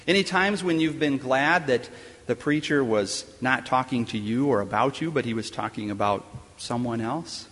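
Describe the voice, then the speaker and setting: A man's voice: medium pitch, fairly bright tone, husky. Man preaching in a reverberant chapel. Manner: measured, emphatic preaching with deliberate pauses and rhetorical questions. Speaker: chaplain preaching in a school chapel. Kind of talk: sermon and closing prayer.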